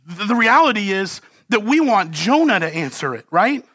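A man preaching a sermon with fervor, moving between quiet, earnest points and loud, pleading cries, and ending in prayer. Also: high-pitched, animated, moderate pace, hardly any pauses, dry recording, studio quality. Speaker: pastor. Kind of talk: closing prayer.

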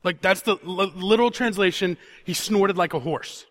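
A man preaching a conversational sermon who repeats words for emphasis and sinks to a quiet, intense tone on solemn points. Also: high voice, moderate pace.

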